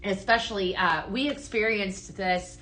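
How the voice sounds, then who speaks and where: A woman's voice: medium pitch, unhurried, bright, forceful tone. A woman hosting a live-stream product demo, chatty and upbeat, often tagging her sentences with "right?" and greeting viewers by name. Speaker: live-stream sales host.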